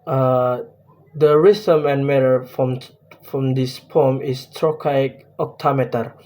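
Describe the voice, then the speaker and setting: A young man speaks with an Indonesian accent as he presents a poetry analysis for class. He talks slowly, pausing often on fillers and restarting his phrases. His voice sits at an ordinary male pitch. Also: steady tone, a little mellow. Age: young adult. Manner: hesitant, many fillers and restarts. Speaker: student presenting a poem analysis.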